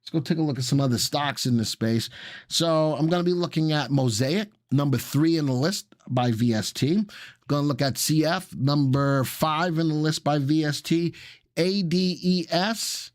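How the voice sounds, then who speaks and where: A man's voice: on the high side, normal speed, no room sound. A man with a Southern US accent, hosting a live stock analysis show and chatting casually with viewers while he walks through charts.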